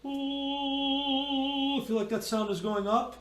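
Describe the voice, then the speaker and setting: A man's voice: high voice, expressive, moderate pace, darkish tone, roomy sound. A man leading an online choir rehearsal, patiently explaining vowels and singing them as he demonstrates. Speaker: choir director.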